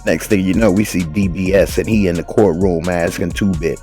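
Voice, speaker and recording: A man with a very low voice recaps a TV episode in a loose, slangy way. He tells the story with animation and jumps into the characters' lines. Faint music plays in the background. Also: steady tone, normal speed, hardly any pauses, mellow. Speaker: TV recap host.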